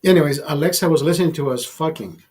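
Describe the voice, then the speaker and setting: A man's voice: fairly high pitch, fast, a little mellow, soft background music. A man telling a raunchy story in a casual monologue, profane and rambling, often restarting his sentences and amused by himself. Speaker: vlogger.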